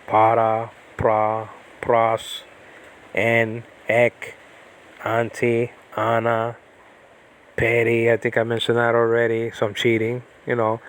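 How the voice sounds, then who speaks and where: A man's voice: medium pitch, monotone, slow pace, a bit bright, clear, resonant tone. Chatty man giving a rambling home lesson. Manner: digressive, chatty, many fillers and restarts. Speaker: Bible Greek teacher. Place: self-built cement-block house during a typhoon.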